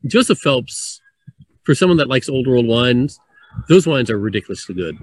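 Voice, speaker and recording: Male co-host, mid pitch, easygoing and chatty, dry close recording. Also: normal speed, husky, no echo. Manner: relaxed, chatty, laughs between points. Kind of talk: casual conversation.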